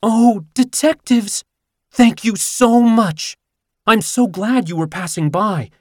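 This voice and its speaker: A man voicing a frantic, gushing woman who owns a cat, with a high, drawn-out voice. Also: dry recording, studio quality.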